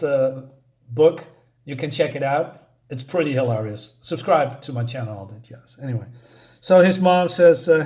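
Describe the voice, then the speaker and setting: A man's voice: fairly high pitch, darkish tone. A man casually recapping a comic book issue, reading out the characters' lines, with lots of fillers and a way of talking. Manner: retells the plot, reads out character lines with many fillers and laughs.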